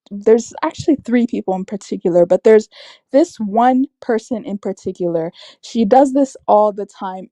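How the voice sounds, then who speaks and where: A young adult woman with a mellow, medium-pitched voice hosts a livestream, ranting her opinions casually. She sounds emphatic and exasperated, filling her speech with "like" and laughter, and there's no echo.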